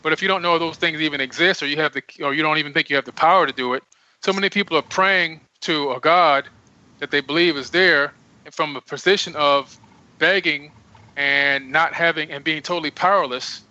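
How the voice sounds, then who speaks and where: A man's voice: on the high side, a little fast, pushed and bright, no echo. A man speaking as a guest on a radio interview, earnest and emphatic. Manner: earnest, emphatic, preaching self-empowerment. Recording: dull lo-fi radio audio.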